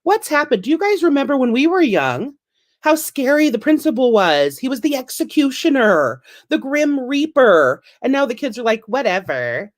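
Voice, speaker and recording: A woman's voice: high-pitched, sing-song, moderate pace. A woman in her thirties doing a stand-up comedy set, wry and self-deprecating, with punchy delivery.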